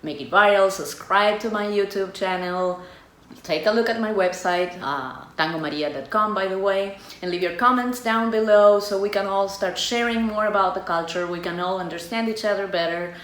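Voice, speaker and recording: A middle-aged woman from Buenos Aires with an Argentine Spanish accent. She is a tango teacher explaining culture in a chatty, expressive way and acts out little scenes. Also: medium pitch, normal speed. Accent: Argentine Spanish (porteño). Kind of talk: casual explanatory vlog. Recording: echoey room with faint ambience.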